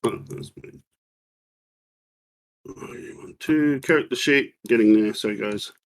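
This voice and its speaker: A man's voice: medium pitch, measured pace. A man playing in a tabletop role-playing game, chatting casually and sounding flustered and apologetic. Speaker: player.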